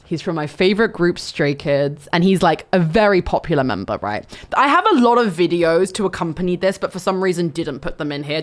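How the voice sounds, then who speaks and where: Swearing freely, a young female streamer relays a lengthy story in a relaxed, lively manner, punctuated by abrupt high-pitched squeals.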